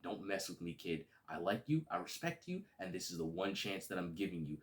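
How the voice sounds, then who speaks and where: Guy doing a deep quiet menacing dad, low and threatening. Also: sing-song, fairly quick. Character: menacing middle-aged father, quietly threatening.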